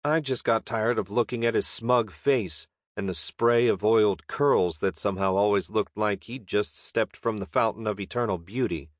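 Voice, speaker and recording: A man narrating a fantasy audiobook with a wry, deadpan manner. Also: on the low side, normal speed, hardly any pauses, dry recording, clean studio sound.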